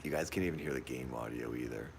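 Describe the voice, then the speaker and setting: A man with an extremely low, gravelly voice chatters through a horror game he is streaming from a dark room at home. He frightens easily and keeps repeating his exclamations. He is recorded on a phone, with a faint hiss underneath. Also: quick pace. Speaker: livestreamer playing a horror game. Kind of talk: live gameplay commentary. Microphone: phone pointed at the TV.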